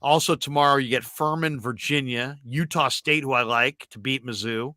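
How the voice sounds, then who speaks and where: A man hosting a sports talk show, telling stories with animated, shouted impressions of callers. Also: medium pitch, moderate pace, no echo, clean studio sound. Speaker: sports radio host.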